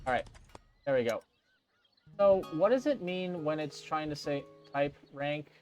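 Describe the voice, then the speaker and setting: A man's voice: on the high side, animated, unhurried, a little mellow, soft background music. A male gamer reading game text aloud and thinking aloud in casual gameplay commentary. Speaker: let's play gamer.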